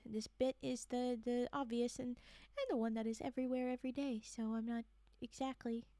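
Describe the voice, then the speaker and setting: A woman's voice: on the high side, level tone, moderate pace, warm tone, no room sound. A young adult woman streamer casually reading a horror story aloud, breaking in with sarcastic, swearing asides.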